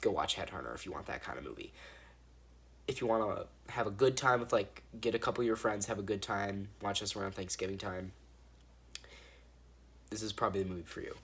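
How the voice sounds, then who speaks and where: Reviewing a movie in a casual, meandering way, a man swears a lot and keeps starting his sentences over. His fairly low voice is a bit bright, creaky, and breathy at the edges, and he talks fairly quickly with long pauses.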